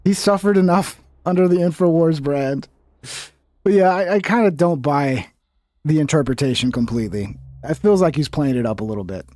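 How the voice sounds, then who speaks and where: Young male streamer, slightly high voice, casual skeptical reactions. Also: animated, normal speed, a little mellow, no echo, clean studio sound. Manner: casual, skeptical, swears freely. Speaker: commentary streamer.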